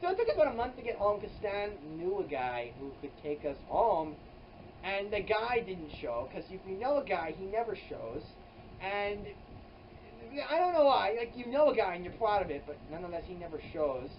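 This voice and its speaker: A rambling comic storyteller who piles up "like"s and restarts, with sudden exaggerated jumps in pitch and loudness. The voice is caught by a camera mic some distance away in a hot indoor room. The sound is dull, with a faint air-conditioner hum behind it. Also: very animated, normal speed. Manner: rambling, filler-heavy, with frequent "like" and restarts. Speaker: comedy vlogger.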